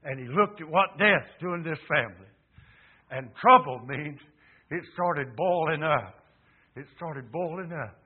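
A man in his seventies preaching a sermon, emphatic, dropping to low murmurs and rising to loud fervent peaks. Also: measured pace, slightly rough. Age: 70s. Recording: tinny phone-like recording.

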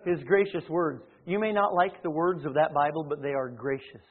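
Guy preaching, high voice, loud then real quiet, sounds like over a phone. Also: normal speed. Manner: swings between loud emphatic peaks and hushed low asides. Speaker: pastor. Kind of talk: sermon. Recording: tinny phone-like sermon recording.

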